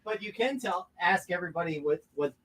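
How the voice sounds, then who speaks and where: A woman's voice: fairly low pitch, a little fast, a little hiss or hum, low-quality recording. A woman chatting casually with a friend, teasing and matter-of-fact. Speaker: friend joining the stream. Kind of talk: casual chat.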